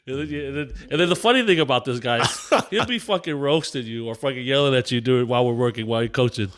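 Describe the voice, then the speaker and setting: A man with a medium-pitched voice tells stories on a casual podcast. He is animated and laughs often, and he swears freely as he talks. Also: quick pace. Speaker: podcast co-host. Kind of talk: casual chat.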